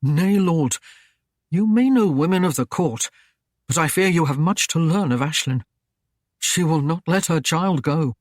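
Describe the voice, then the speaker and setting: A man's voice: a little high, expressive, normal speed, no room sound, clean studio sound. A man voicing an anxious, loyal young Saxon servant who speaks carefully and earnestly.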